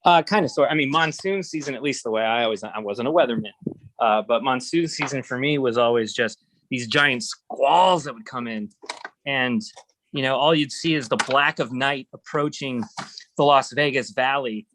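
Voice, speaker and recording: A man hosting a relaxed chat, telling stories in an animated, rambling way and swearing casually. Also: mid-range voice, normal speed, a little hiss or hum, rough recording. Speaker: host.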